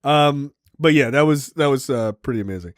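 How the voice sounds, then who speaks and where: Animated man recapping a film, dry sound. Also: medium pitch, fairly quick, no echo. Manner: animated retelling with many fillers and acted quotes. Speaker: podcast co-host. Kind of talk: casual film review chat.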